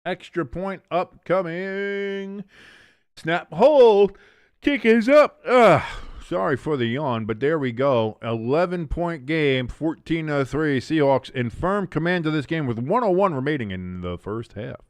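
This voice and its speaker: A man hosting a live watch-along stream, calling the plays casually and jumping sharply in pitch and volume on big moments. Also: measured pace, few pauses, clear, resonant tone, no echo. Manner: mumbles and scats to himself while thinking. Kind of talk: casual live play-by-play commentary.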